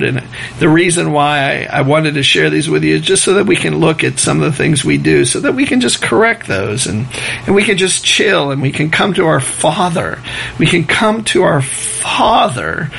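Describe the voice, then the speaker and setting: A man preaching a sermon in a relaxed, conversational way, chuckling as he mimics rushed and loud prayers. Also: a little high, gravelly, slight background noise. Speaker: pastor.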